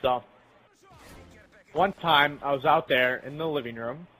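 A man's voice: on the high side, measured pace, bright, forceful tone, poor audio. A young man casually telling a rambling, profane story while playing a game with friends. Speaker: channel host.

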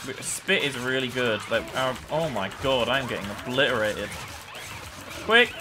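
A young man casually commenting on his own gameplay, chatty and excitable, often breaking into yells and laughter. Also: mid-range voice, moderate pace, noisy background. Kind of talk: casual let's-play commentary.

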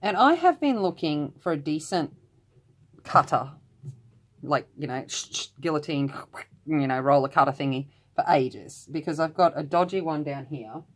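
Chatty woman, low voice, rambling colour-along vlog host. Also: expressive, moderate pace.

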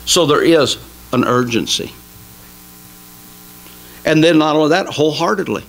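A man preaching a sermon in a small church, emphatic and folksy, swinging between loud exhortation and quiet asides. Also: fairly high pitch, unhurried, vocal fry, pauses often, poor audio. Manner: folksy, jokes with the congregation. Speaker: pastor.

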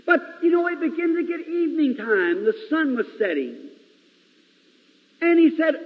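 A man preaching a sermon in a large church, storytelling dramatically with sudden swings between loud and hushed delivery. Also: very high voice, very animated, normal speed. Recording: lo-fi 1950s reel recording, long hall reverb.

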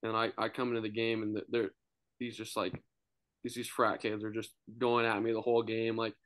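A man's voice: fairly low pitch, flat delivery, a little fast, fairly bright tone, dry recording. A young man in his twenties, a podcast guest telling a loose, rambling story in casual chat, full of filler words. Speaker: guest, college quarterback.

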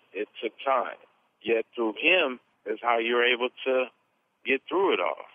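A man giving an earnest, animated testimony as an interview guest, telling his story at length. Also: medium pitch. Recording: tinny phone line.

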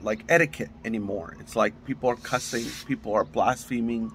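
A man's voice: medium pitch, fairly quick, fairly bright tone, slight background noise. A man teaching a casual Bible study, talking in a loose, conversational way with frequent restarts.

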